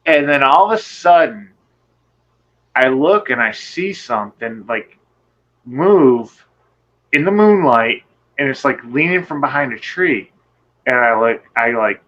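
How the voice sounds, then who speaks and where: A man telling a personal encounter story in casual conversation, rambling and animated, swearing and acting out what people said. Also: mid-range voice, measured pace, long pauses, lo-fi sound. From Michigan. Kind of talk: casual storytelling on a live show.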